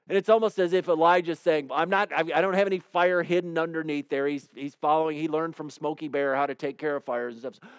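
Man preaching in a smooth, dry voice. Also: fairly high pitch, no room sound. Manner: conversational storytelling with playful acted-out quotes. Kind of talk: sermon.

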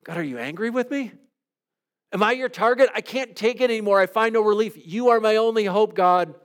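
A man leading a devotional, praying aloud in an earnest, pleading way with soft, hushed trailing endings, then teaching calmly. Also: sits high, brisk, clean tone. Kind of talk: reflective spoken prayer and teaching.

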